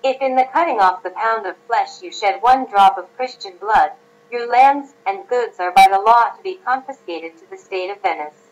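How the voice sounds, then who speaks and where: A woman reading the part of a wise young woman disguised as a lawyer in an audiobook, calm and measured. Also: mid-range voice, lo-fi sound, lightly acted.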